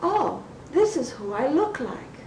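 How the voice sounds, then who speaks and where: A woman interviewing, asking soft probing questions and sharing her own memories. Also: sing-song, unhurried. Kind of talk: conversational interview. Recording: roomy, noisy with low rumble.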